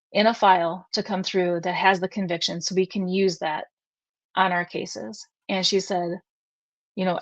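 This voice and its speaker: A woman's voice: on the low side, no echo. Earnest woman telling a personal story. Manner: emotional, earnest, quotes others at length. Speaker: guest. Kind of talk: conversational storytelling.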